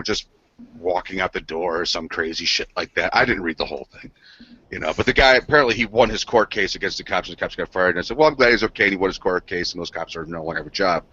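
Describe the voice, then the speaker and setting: A man's voice: sits low, sharp tone. A man on a gaming news show, telling a rambling, profane story between laughs. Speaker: podcast co-host. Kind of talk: casual chat. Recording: dull lo-fi sound.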